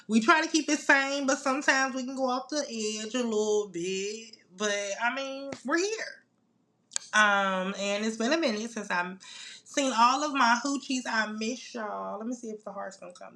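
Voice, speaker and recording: A young woman hosting her own podcast in a casual solo chat, playful, animated and full of slang. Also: fairly high pitch, a little slow. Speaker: podcast host.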